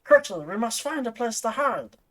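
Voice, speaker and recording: A man putting on a squeaky, nasal, comedic gremlin voice while reading a game warrior's lines. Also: big pitch swings, normal speed, fairly bright tone, full character voice. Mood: goofy.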